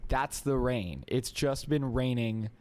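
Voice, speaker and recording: A man's voice: mid-range voice, slow. Exasperated man ranting in casual chat. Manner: exasperated, animated storytelling with quoted voices. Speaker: podcast co-host.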